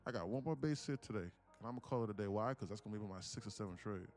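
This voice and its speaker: A man's voice: fairly low pitch, quick pace, a little mellow, faint music behind. A man live-streaming his day trading, chatting casually and joking while reading viewers' comments. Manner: joking, reads chat aloud, puts on slang voices.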